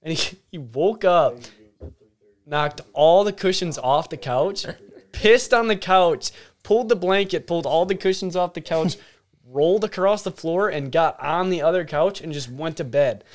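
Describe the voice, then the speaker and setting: Rambling young man with a slightly high voice. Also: unhurried. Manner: rambling, laughing storytelling with many fillers. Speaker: podcast guest. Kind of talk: casual chat.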